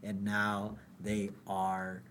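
A man's voice: lowish voice, monotone, very slow, fairly bright tone. A man co-hosting a podcast, casually recapping a cartoon episode and often checking in with "right?". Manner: chatty, often asks "right?". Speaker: podcast co-host.

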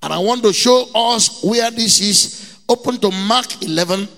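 A middle-aged Nigerian man preaching with a high, bright, gravelly voice. His delivery is emphatic, with key words hammered again and again. The sound rings with a long church-hall reverb. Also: measured pace. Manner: emphatic preaching, repeats key words, mimics people in anecdotes. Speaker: pastor. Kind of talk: sermon.

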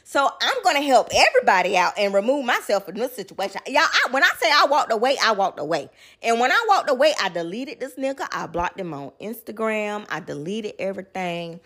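A young woman telling a personal story in casual chat, lively and swearing freely. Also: mid-range voice, brisk. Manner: animated, addresses listeners as y'all, swears freely.

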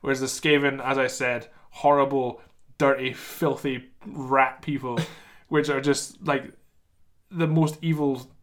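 A man's voice: medium pitch, level tone, a little slow. A man co-hosting a podcast, talking enthusiastically about fantasy games and laughing often. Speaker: podcast co-host. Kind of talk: casual chat.

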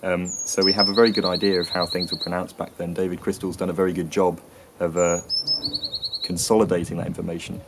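A man explains the history of English accents in a casual teaching tone. His voice is very low and barely moves in pitch. He pauses often and fills the gaps with ums and restarts. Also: level tone, very noisy. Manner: hesitant, full of ums and restarts. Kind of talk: casual educational talk.

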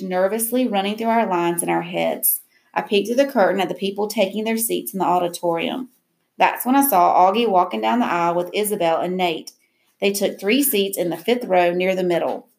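A woman reading a first-person novel aloud in an even, reflective way. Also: medium pitch. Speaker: audiobook narrator.

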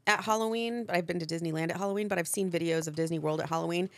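A woman's voice: lowish voice, very fast, no echo. A woman co-hosting a casual podcast, blunt, teasing and opinionated. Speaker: podcast co-host. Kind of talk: casual chat.

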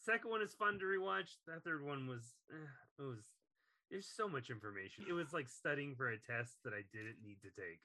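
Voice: mid-range voice, expressive, a little fast, bright, forceful tone. A podcast co-host in casual chat, playful and jokey.

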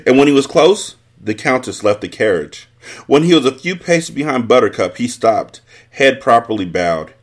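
A man hosting a book podcast, reading a novel aloud with expressive, animated storytelling. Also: mid-range voice, normal speed.

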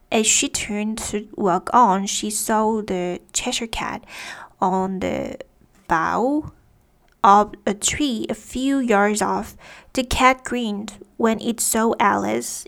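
A woman's voice: mid-range voice, gravelly. A woman narrating a storybook in a careful read-aloud way. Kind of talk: storybook reading.

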